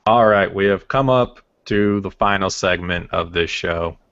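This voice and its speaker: A man with a very deep, low voice hosting a podcast, leading the show in a steady way and setting up each segment. The sound is dull and lo-fi, like an online call. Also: unhurried, smooth. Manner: steady, segment-introducing host. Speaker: podcast host. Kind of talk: casual podcast chat.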